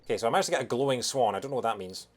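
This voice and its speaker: A medium-pitched let's play host rattles off rapid-fire gameplay commentary, casual and excitable. He chats constantly, hums tunes, and drops joking asides.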